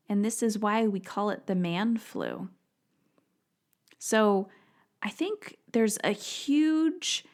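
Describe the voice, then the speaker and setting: Blunt, emphatic woman in her thirties, solo podcast host who doesn't mince words. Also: medium pitch. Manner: blunt, emphatic, swears freely.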